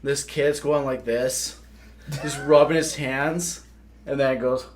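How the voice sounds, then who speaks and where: A man's voice: medium pitch, fairly even intonation, slow, background noise. A young man from South Dakota, hosting a podcast and telling rambling, profane stories in casual chat. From South Dakota, USA. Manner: rambling, profane, laughs mid-story. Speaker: podcast host.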